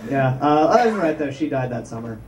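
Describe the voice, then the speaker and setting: Recorded on a distant mic that picks up room noise, a young stand-up comedian with a mid-range voice delivers a brisk, animated set at a small club. His rambling, self-deprecating jokes come with frequent ums.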